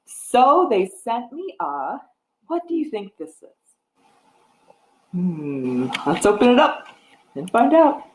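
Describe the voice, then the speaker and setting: A woman, a children's librarian, reading a picture book aloud at storytime, coaxing young children to join in with gentle encouragement. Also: on the high side, huge pitch swings, takes it slowly, long pauses. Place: library room. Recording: roomy echo.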